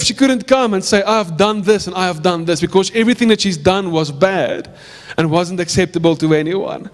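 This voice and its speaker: A man's voice: sits high, a little fast, big-room sound. A male pastor with a South African accent, preaching a sermon in church, telling a story earnestly and repeating phrases for emphasis. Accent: South African English.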